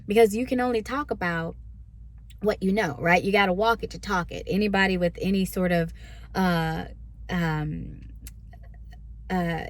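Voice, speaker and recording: A woman minister gives a relaxed devotional teaching in a conversational way. She keeps checking in with her listeners and slips into quoted voices to act out their complaints. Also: medium pitch. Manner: conversational, asks listeners "right?".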